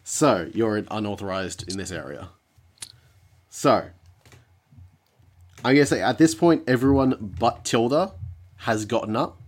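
A man narrating as game master over an online call, with a relaxed, wry and slightly halting delivery. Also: lowish voice.

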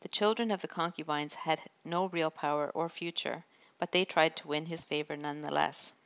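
A woman narrating an audiobook in an even, measured storytelling manner. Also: low voice, clean tone, muffled recording. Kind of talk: scripted narration of a historical novel.

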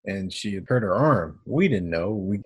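Husky-voiced young father. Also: low voice, moderate pace. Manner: relaxed, filler-heavy storytelling. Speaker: parent of an autistic child. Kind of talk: interview conversation.

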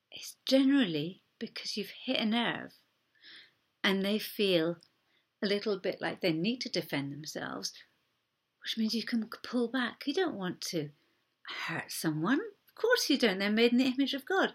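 A woman preacher giving a sermon in an earnest, gentle way, often dropping to a soft near-whisper for emphasis. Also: medium pitch, breathy edge.

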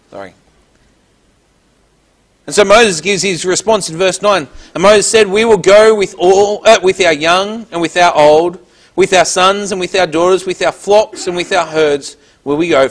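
A man preaching a Bible teaching, reading verses aloud and then explaining them in plain words. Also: high-pitched. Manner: reads scripture aloud then explains it, with small restarts.

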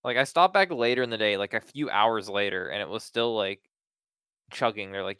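A man's voice: fairly low pitch, moderate pace, sharp tone, clear, resonant tone, no echo, studio quality. A man in casual chat about work, laid-back and talking with lots of "like". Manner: laid-back, heavy use of "like".

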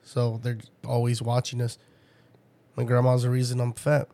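A man's voice: medium pitch, monotone, normal speed, mellow. A young man in casual chat, telling profane family stories and laughing often.

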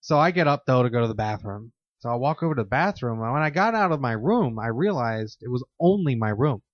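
A man's voice: medium pitch, quick pace, no echo, dull audio. A man on a podcast telling a story in casual chat, swearing freely and acting out the sounds he describes. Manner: profane, animated storyteller who acts out sounds. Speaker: podcast co-host.

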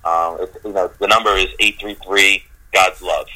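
A man being interviewed as a guest, talking earnestly with many pauses and fillers. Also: sits low, steady tone, sharp tone. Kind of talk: casual interview chat. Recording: phone line on radio.

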